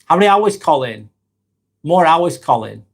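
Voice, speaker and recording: Slightly high and slightly rough, with vocal fry and big swings in pitch, this man's voice moves at a moderate pace. He's in his forties, from near Manchester with a Lancashire accent, and on his casual live vlog he warmly and reflectively reads viewers' comments aloud, answering each one by name.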